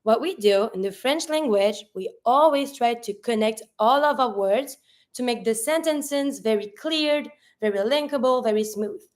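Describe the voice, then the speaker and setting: A woman's voice: fairly high pitch, normal speed. A woman teaching a French lesson, explaining pronunciation patiently step by step. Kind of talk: online language lesson.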